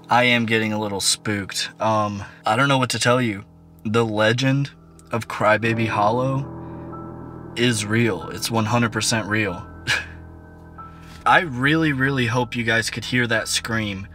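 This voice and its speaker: Jumpy man ghost-hunting outdoors. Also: medium pitch. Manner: excitable, jumpy, swears often. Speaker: paranormal investigator, vlog host. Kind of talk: on-the-spot ghost-hunting vlog. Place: outdoors at a bridge in rural woodland. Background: music under the voice.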